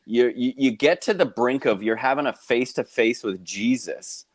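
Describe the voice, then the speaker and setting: A man co-hosting a casual podcast chat, telling a story in an animated way. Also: mid-range voice, normal speed, dry recording, studio quality. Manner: animated storyteller who acts out quoted voices. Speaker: podcast co-host, mission trip leader.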